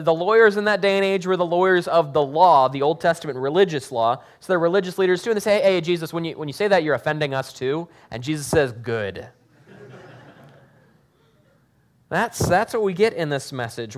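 A man preaching to his congregation in a fairly high voice. He reads scripture with slow, shouted emphasis on the warnings. Then he drops into relaxed, joking talk to explain it. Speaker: pastor. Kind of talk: sermon.

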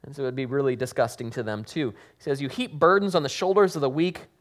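A pastor giving a sermon, reading scripture dramatically and then explaining it in a casual, joking way. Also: male voice, mid-range voice, fast.

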